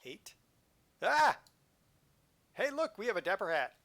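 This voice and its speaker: A man's voice: sits high, very animated, fast talker, fairly bright tone. A man hosting a live game stream, chatting casually and joking around as he plays. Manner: playful, jokey, chatty. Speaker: livestream host.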